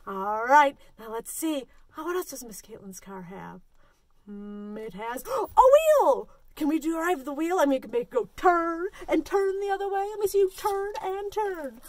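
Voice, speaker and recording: A woman children's librarian leading a story time, talking in an animated, sing-song way and coaxing the children to join in. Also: high-pitched, moderate pace, crowd noise.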